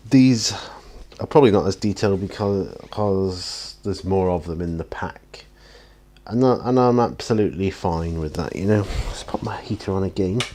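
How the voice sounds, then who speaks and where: A man's voice: sits low, expressive, moderate pace, warm tone, slight background noise. A man chatting casually while painting miniatures in his home studio, rambling and self-deprecating, tired and yawning often. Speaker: hobby painting vlogger.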